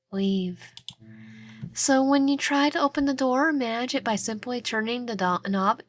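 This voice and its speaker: A woman reading a dating game's narration aloud with casual asides, often stumbling and correcting herself. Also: high voice. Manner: stumbling, frequent self-corrections.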